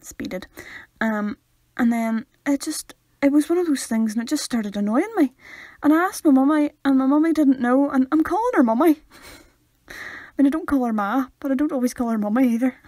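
A young woman chatting on a podcast, giggly and prone to wandering off topic. Her voice sits fairly high. The close mic leaves the sound dry, with no room around it. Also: moderate pace, dark tone, no room sound. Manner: chatty, giggly, easily sidetracked. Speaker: podcast co-host. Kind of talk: casual chat.

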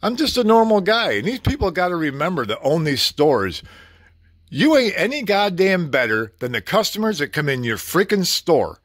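A man's voice: sits high, sing-song, normal speed, fairly bright tone, dry recording, studio quality. A middle-aged man venting in a blunt, casual vlog rant, swearing freely and talking to the camera. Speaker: vlogger.

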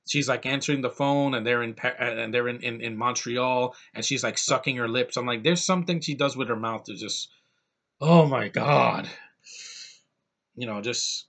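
A man talking straight to camera in a casual movie review vlog, excitable and gushing, rambling with stops and restarts. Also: medium pitch.

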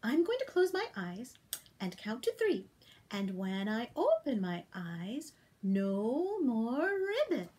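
A woman's voice: on the high side, very animated, takes it slowly, warm tone. A woman leading a toddler storytime, reading a picture book aloud and leading rhymes in a playful sing-song way. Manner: sing-song and playful, with big animal sounds. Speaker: children's librarian hosting toddler storytime.

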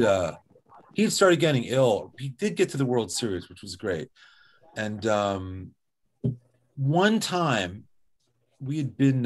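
A man speaking as an author and guest speaker, telling lively personal anecdotes in a conversational way over slides, with many casual fillers. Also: medium pitch. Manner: conversational, lively, with frequent "like" and "you know". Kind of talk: anecdotal storytelling talk with slides.

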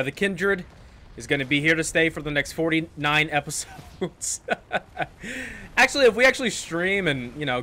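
A gaming YouTuber talks casually over his gameplay in a slightly higher, bright, forceful voice, chatting and joking with himself. He breaks into loud outbursts now and then, and a faint hiss runs under the recording.

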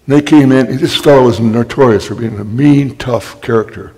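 An older man, a guest speaker, telling wry anecdotes in a storytelling talk and clearing his throat often. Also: medium pitch, brisk, dark tone. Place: library talk hall. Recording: long hall reverb.

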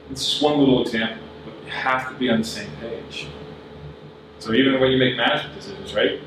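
A man's voice: medium pitch, steady tone, brisk. Man speaking in a very echoey hall. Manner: earnest, plain-spoken, advising the audience directly. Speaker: conference speaker. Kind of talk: business talk at a summit. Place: large conference room. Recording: very echoey hall, voice from far off, audible noise.

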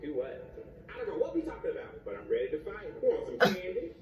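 An actor playing a nervous, crude adult clown on a date, swearing and brash. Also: male voice, on the high side, wildly swooping pitch, fast talker. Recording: roomy, dull, distant audio with music behind.

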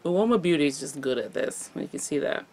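A woman's voice: deep voice, animated, brisk, vocal fry, mellow, slight background noise. A young adult woman vlogger chatting casually through a makeup tutorial, playful and chatty, tossing in little sound effects. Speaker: beauty vlogger.

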